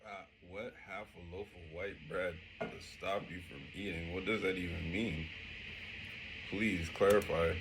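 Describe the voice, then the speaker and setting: A man's voice: deep voice, a little slow, noisy background. A young man hosting a reaction video, giving casual commentary full of slang and frequent laughter. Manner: animated, laughing, heavy slang.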